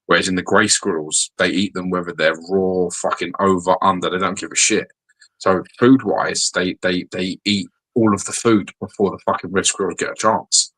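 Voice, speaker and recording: A man's voice: deep voice, steady tone, moderate pace, a bit bright, husky, rough recording. A man co-hosting a casual podcast, swearing often and explaining things through everyday comparisons. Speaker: podcast co-host.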